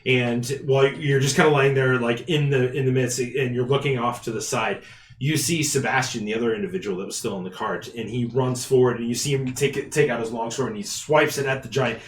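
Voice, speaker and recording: A man's voice: mid-range voice, a little fast. A man narrating a tabletop game as game master, often laughing and restarting his sentences. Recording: roomy echo, faint background noise.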